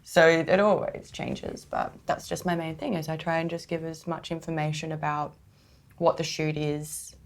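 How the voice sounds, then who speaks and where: A woman's voice: deep voice, little pitch movement, moderate pace, creaky. A woman with an Australian accent, co-hosting a podcast in casual chat, chatty and self-mocking with frequent laughs. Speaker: podcast co-host.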